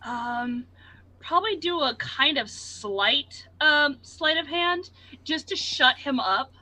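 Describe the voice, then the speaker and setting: A woman's voice: high voice, slow, sharp tone. A woman playing a tabletop game, playfully describing what her character does. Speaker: player. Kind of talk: tabletop role-play chat.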